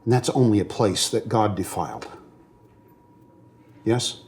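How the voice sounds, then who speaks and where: Measured in pace, his lowish voice carries a slight mellowness as he lectures as a seminary professor. He's earnest, becomes emotional over moving points, regularly checks his students are following, and frequently uses fillers and restarts.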